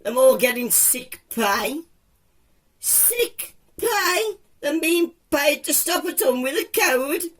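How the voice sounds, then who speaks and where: A woman's voice: sits high, animated, measured pace, few pauses. A woman doing a grumbling male womble with a Black Country accent. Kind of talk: comic puppet monologue.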